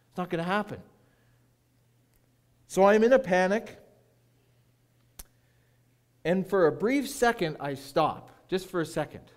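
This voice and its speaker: A man preaching as a guest speaker, telling a personal story with dramatic pauses and hushed moments. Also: sits high.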